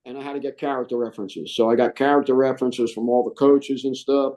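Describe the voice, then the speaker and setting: A fast-talking middle-aged Marine veteran with a mid-range voice shares his story in an interview. Animated, he acts out the voices of the people he quotes.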